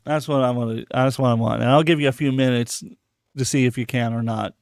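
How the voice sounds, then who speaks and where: Male podcast host, heated profane rambling delivery, crisp tone, dry sound. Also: medium pitch, steady tone, a little fast, no room sound. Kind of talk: casual live podcast chat.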